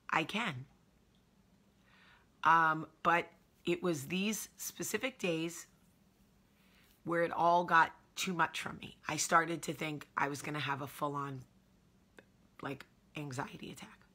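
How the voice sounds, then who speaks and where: A woman in her thirties with a New Jersey accent hosts a candid personal vlog, speaking in an emotional, confessional way with emphatic repetition. Her voice sits low with a sharp tone, and she takes it slowly with long pauses.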